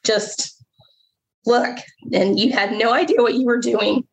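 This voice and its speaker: A woman's voice: fairly high pitch, fairly even intonation, unhurried, poor audio. A middle-aged woman, a bakery owner, telling her story in an interview, emotional and rambling.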